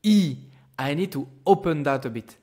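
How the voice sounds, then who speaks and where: A man's voice: on the high side, lively intonation, normal speed, warm tone. A man teaching pronunciation, patiently exaggerating each sound for the learner. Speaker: language teacher. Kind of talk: pronunciation lesson.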